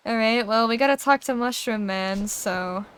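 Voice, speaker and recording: A young woman casually commenting on a game she is livestreaming, excitable and joking, swearing freely. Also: a little high, normal speed, a little hiss or hum. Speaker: streamer.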